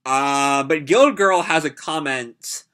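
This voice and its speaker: A man with a slightly high, bright, crisp voice talks through an anime review in a loose, casual vlog style. He rambles, fills pauses with "like" and "um", and swears freely. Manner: rambling, profane, lots of likes and ums.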